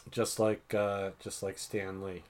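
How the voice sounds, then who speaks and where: A man's voice: on the low side, flat delivery, slow pace. Chatty self-mocking middle-aged man. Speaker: podcast host. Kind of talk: casual chat.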